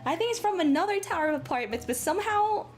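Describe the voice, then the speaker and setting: Woman streamer from Latin America, sore throat, high and bouncy, swears, chats to viewers over faint music. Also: fast talker. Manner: animated, swears freely, talks straight to chat. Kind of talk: casual livestream chat. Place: her apartment. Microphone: travel microphone.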